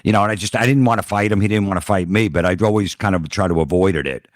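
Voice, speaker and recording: Deep-voiced man telling stories. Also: fast talker, no echo, studio quality. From New Jersey. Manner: blunt, profane, deadpan anecdotes. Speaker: comedian guest. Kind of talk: casual podcast storytelling.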